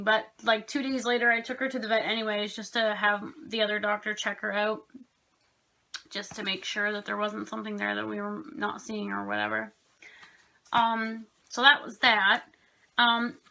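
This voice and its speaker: A woman's voice: medium pitch, bright, forceful tone. A young woman vlogging casually at home, telling rambling stories about her pets with lots of fillers. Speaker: craft vlogger. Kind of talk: casual chatty storytelling.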